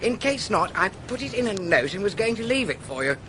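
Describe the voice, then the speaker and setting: An actor playing a breezy, flustered young aristocrat with an upper-class English accent in a radio drama. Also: male voice, high voice, very animated, brisk, noisy background. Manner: gushing, fidgety slang.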